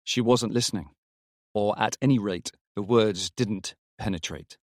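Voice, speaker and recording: A man narrating an audiobook story in a measured, even manner. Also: lowish voice, dry recording, studio quality.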